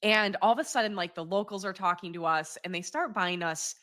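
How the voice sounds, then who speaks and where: A woman in her thirties tells a personal story as a show host, talking casually and candidly. Her voice is bright and forceful, at an ordinary pitch for a woman. She laughs often and swears without a second thought. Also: a little fast. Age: 30s. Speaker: podcast host.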